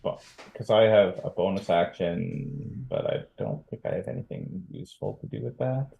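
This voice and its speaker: Low gravelly man player, echoey. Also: moderate pace, muffled recording. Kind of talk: tabletop role-play.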